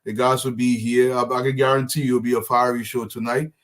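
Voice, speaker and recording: A man's voice: medium pitch, level tone, a little fast. A man runs a live talk show and greets his audience by name. His delivery is friendly and rambling, full of fillers and restarts, in an ordinary mid-range voice. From Liberia. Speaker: show host.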